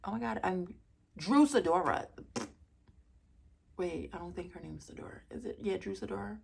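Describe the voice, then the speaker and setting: A woman chatting casually as she reviews a reality show, sassy and gossipy with animated asides. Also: on the low side, moderate pace, creaky, slight background noise.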